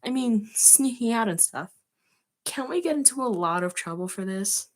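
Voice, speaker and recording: Woman voicing a jittery teen boy, hesitant, little higher, storybook read-aloud. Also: big pitch swings, normal speed, a little hiss or hum, natural voice. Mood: nervous. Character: nervous teenage boy hero, timid and anxious.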